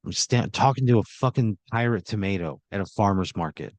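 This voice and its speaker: Exasperated swearing podcast co-host. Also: male voice, fairly low pitch, expressive, fairly quick, darkish tone, no echo. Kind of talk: improvised comedy.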